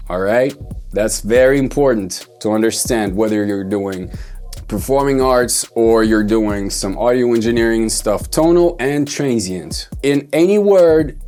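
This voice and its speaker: A man's voice: mid-range voice, a little mellow. A man teaching songwriting in a loose, rambling way, correcting himself and thinking aloud as he goes. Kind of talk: loose explanatory lesson.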